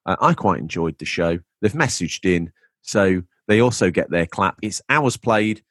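A man's voice: low voice, expressive, unhurried, a bit bright, no room sound, studio quality. A man hosting a casual gaming podcast, joking and reading out listener messages. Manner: jokey, reads listener messages aloud. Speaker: podcast host.

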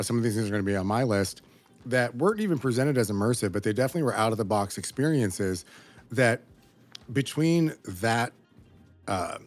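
A man in his thirties co-hosting a podcast in casual chat, swearing often and rambling with animated energy. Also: medium pitch. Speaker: podcast co-host.

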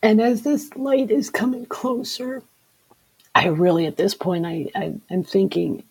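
A woman giving an earnest personal account as an interview guest. She talks haltingly and often repeats her words. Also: medium pitch, steady tone, gravelly, a little mellow, husky, low-quality recording. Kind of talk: personal testimony in conversation.

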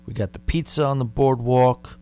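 A man's voice: mid-range voice, normal speed, dark tone, soft background music. A man in his thirties with a Long Island New York accent, hosting a podcast and telling stories in a rambling, conversational way. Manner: rambling, conversational, dare-I-say asides. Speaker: podcast host. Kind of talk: casual storytelling.

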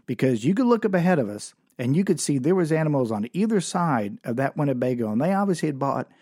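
A man's voice: on the high side, sing-song, fast talker, darkish tone, husky, dry recording, studio quality. A man telling a rambling, exasperated comic story about a family trip.

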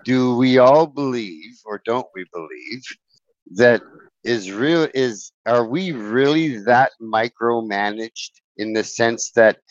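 A man's voice: mid-range voice, slow pace, no echo. A man hosting a podcast in casual chat, musing aloud and asking reflective questions. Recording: dull, lo-fi, dry podcast audio.

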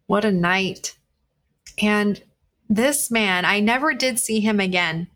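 With a mid-range, somewhat bright voice and a slow pace, this woman hosts a podcast where she tells listeners a personal dating story. She's blunt and swears freely, and her conversational retelling is full of fillers and frequent restarts.

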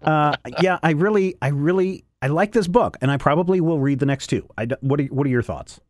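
A man co-hosts a casual podcast reviewing comics, rambling with frequent restarts and self-corrections. His mid-range voice is quick and a little mellow, recorded at studio quality with no echo.

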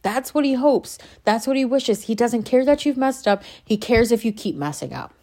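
A faith vlogger shares a casual, passionate spiritual monologue, rambling and interrupting herself as she gets worked up. Her voice is a little high yet dark in tone, with lively intonation at a moderate pace.

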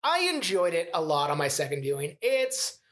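A man's voice: a little high, very animated, moderate pace, a bit bright. A man co-hosting a podcast, critiquing a film in casual, rambling chat that is full of "like.". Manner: chatty, rambling, lots of "like" fillers. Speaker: podcast co-host.

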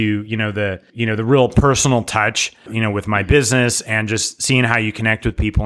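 A man hosting a podcast, joking and laughing often in relaxed banter. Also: mid-range voice. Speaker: podcast host. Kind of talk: casual chat.

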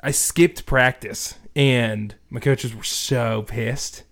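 A young man talking in an easygoing, conversational way. He tells stories at an even middle pitch and laughs often between phrases. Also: slow. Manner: laid-back storytelling, laughs often. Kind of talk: casual chat.

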